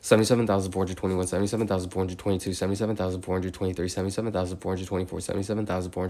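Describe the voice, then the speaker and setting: A man on a live stream counting numbers aloud, breaking into chatty tangents packed with "like". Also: deep voice. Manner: fast, steady number recitation broken by chatty tangents full of "like".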